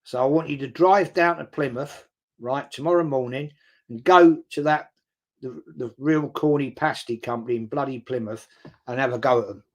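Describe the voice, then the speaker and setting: Reading out viewer comments on a laid-back live stream, this older male host speaks at medium pitch and an unhurried pace. His talk is blunt and rambling, peppered with casual swearing and words repeated for emphasis.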